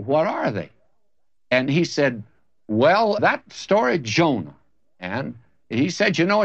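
A man preaching a sermon, telling a story conversationally and acting out both sides of a dialogue before reading scripture. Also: medium pitch. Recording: dull lo-fi recording.

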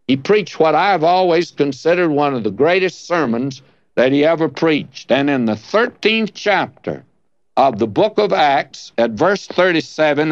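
A man preaching a sermon, reading verses slowly and leaning on key words. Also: on the high side, dry recording. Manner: slow, deliberate, stresses key words. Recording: dull lo-fi dry recording.

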